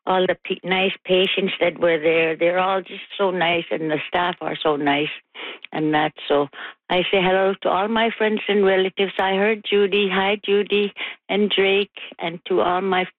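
A woman's voice: lowish voice, steady tone, no echo. An older woman calling in to a radio show, sending rambling, affectionate greetings to family and friends. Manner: rambling and affectionate, many pauses. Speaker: caller. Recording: tinny phone line.

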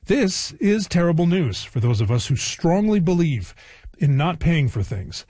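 A man hosting a scripted comedy news segment, delivering it with wry, deadpan sarcasm. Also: fairly high pitch, slightly rough, no room sound.

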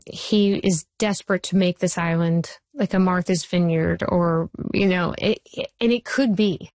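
A woman in her forties, a TV writer being interviewed, who tells stories in an animated way and acts out the quotes. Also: fairly low pitch, dry recording. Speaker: TV writer and showrunner. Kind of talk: interview guest.

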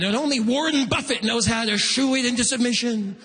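A man performing a stand-up comedy set on a concert hall stage, animated, with shouted bursts and mock voices. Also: very high-pitched, a little fast, slight background noise. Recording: live hall recording with long reverb.

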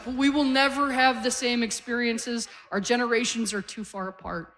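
A woman's voice: fairly high pitch, steady tone, normal speed, fairly bright tone, in a large hall. Brief: Canadian woman comic, forties, chatty and self-mocking on stage. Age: 40s. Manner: chatty, self-deprecating, laughing through lines. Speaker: stand-up comedian. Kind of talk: stand-up set. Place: comedy stage before a live audience.

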